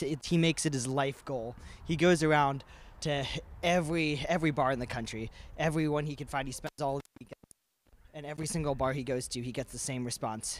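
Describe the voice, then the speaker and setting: A man's voice: mid-range voice, a little fast. Young man rambling through a joke. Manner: rambling, loose storytelling with many fillers. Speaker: student on a campus broadcast. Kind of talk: joke telling. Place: outdoors on a campus. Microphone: handheld mic.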